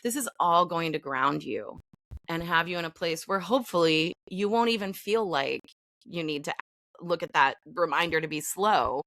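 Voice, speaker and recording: A woman guest who works as an acting and voice coach, explaining breathing in calm, instructive steps. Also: on the low side, moderate pace, dry recording, studio quality. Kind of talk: conversational podcast interview.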